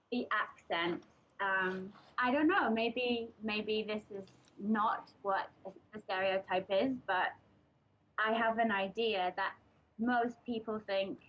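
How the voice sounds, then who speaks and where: A woman's voice: medium pitch, slight background noise. A young woman from England giving a casual, chatty presentation to a group, hesitating often with ums and restarts. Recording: dull lo-fi recording.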